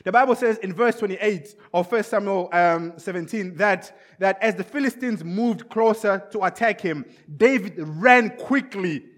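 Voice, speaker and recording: A preacher with a notably high-pitched voice delivers an emphatic sermon. He repeats his key points and often slips into acted-out scenes. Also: normal speed, few pauses. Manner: repetitive, emphatic, acts out scenes.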